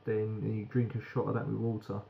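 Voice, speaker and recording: Gravelly British man reviewing beer. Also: fairly low pitch, flat delivery, a little fast, lo-fi sound. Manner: frank, rambling, swears casually. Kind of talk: casual beer review vlog.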